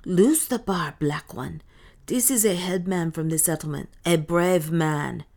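A woman's voice: lowish voice, measured pace, a little mellow. Woman reading as an urgent old woman.

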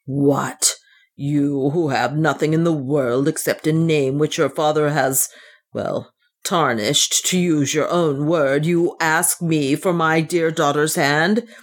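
A pompous older clergyman, condescending and sanctimonious, as an audiobook reader puts him on. He drawls his words slowly and unctuously, in a middle-pitched voice. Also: fairly even intonation. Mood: indignant. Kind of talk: audiobook reading.

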